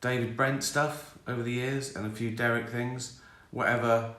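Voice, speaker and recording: A man in his sixties chats casually on a live stream, rambling, chuckling and mocking himself as he answers viewer questions. He has a mid-range, fairly bright voice, level in tone at a moderate pace. The recording has a roomy echo.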